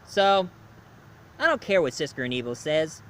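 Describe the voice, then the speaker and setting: A man's voice: a little high, sing-song, normal speed, slight background noise. Rambling male movie reviewer. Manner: rambling, lots of fillers.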